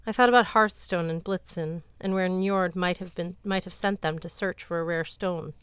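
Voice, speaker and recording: A woman narrating an audiobook in a measured, even tone, recorded close on a studio mic. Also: fairly low pitch, smooth, no echo. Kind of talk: scripted narration.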